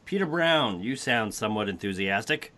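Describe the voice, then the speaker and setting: A man hosting a casual podcast chat, wry and animated, often correcting himself mid-sentence. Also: fairly low pitch, moderate pace. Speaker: podcast host.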